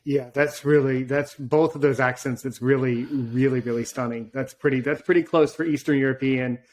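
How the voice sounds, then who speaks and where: A man's voice: mid-range voice, steady tone, moderate pace, a little mellow. A man hosting a podcast interview, talking in a rambling way with tangents. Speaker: podcast host. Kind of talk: casual interview chat.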